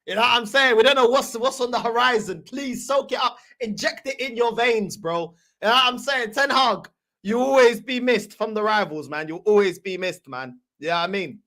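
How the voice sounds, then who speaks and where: A man hosting a football fan channel, reacting to clips with excitable, laughing, slang-heavy banter. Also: extremely high pitch, moderate pace. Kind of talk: casual reaction commentary.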